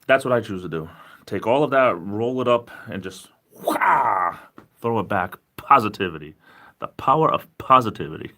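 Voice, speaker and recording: A man with a Rhode Island accent hosts a relaxed livestream, his voice sitting somewhat low. He sounds worn out from little sleep yet stays cheerful, wandering from thought to thought and laughing often. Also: a little fast. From New England. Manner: rambling, upbeat, laughs often. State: tired. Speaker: livestream host. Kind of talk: casual livestream chat reading viewer comments.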